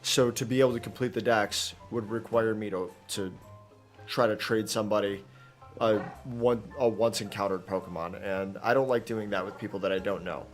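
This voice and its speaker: A man's voice: fairly low pitch, steady tone, moderate pace, soft background music. Chatty male streamer, rambling commentary. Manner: rambling, chatty, with many fillers and restarts. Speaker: gaming streamer. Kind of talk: casual live gameplay commentary.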